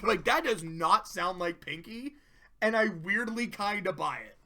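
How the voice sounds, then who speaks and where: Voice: mid-range voice, animated, moderate pace, pushed and bright. A cartoon episode reviewer in casual video commentary, rambling with profanity and laughing asides.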